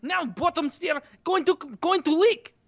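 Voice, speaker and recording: A man's voice: extremely high pitch, a little slow, a bit bright, muffled recording, pitched above the performer's own voice, full character voice. A man putting on a burly Eastern European repairman who talks in agitated, broken English with a put-on accent. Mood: exasperated. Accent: Eastern European, imitated.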